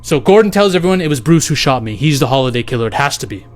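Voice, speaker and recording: A man's voice: medium pitch, animated, rapid-fire, faint music behind. A young man casually retelling a speculative movie plot, loose and profane, slipping into paraphrased dialogue for each character.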